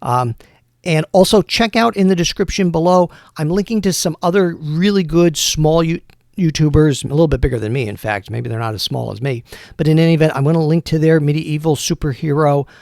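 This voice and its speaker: A man's voice: a little high, fairly quick, creaky, darkish tone, dry recording, studio quality. A man narrating a solo tabletop role-playing game as game master, in a casual, rambling way.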